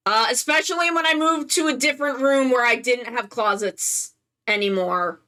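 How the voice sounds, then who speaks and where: A woman's voice: fairly high pitch, moderate pace, bright, forceful tone. A woman chatting offhandedly on a live stream, rambling a bit and swearing casually.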